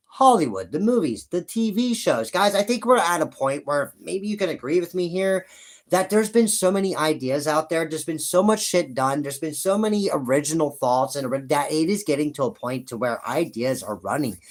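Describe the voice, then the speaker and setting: A man's voice: a little high, lively intonation, normal speed. A young man ranting to camera about wrestling, profane and heated, rambling with frequent restarts and asides to his viewers. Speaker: YouTube wrestling commentator. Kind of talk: ranting vlog commentary.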